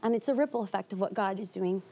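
A young woman from East Los Angeles, a guest on a TV talk show, talking fast and with animation about her life. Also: medium pitch, mellow. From East Los Angeles, USA.

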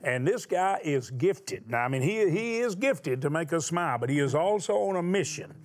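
A man's voice: a little high, lively intonation, normal speed. A man hosting a talk show, opening it and introducing his guest with emphatic enthusiasm. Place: television studio before a live audience.

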